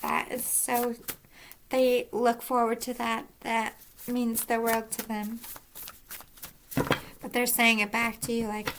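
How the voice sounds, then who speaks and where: A woman's voice: on the high side, level tone, takes it slowly, long pauses, background noise. A woman giving a casual psychic reading, chatty and emotional, often saying "like" and laughing between thoughts. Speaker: psychic medium.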